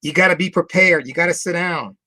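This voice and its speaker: Speaking to members with no room sound, a company founder tells a motivational story in a fairly high voice with a bright, forceful tone. Key words come out drawn-out, phrases get repeated for emphasis, and he poses rhetorical questions to the audience.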